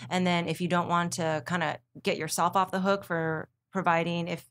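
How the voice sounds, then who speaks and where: A woman with a fairly low voice who works as a TV news anchor. She chats as a guest, explaining things fluently and at length. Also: little pitch movement, normal speed, a bit bright. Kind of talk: casual interview chat.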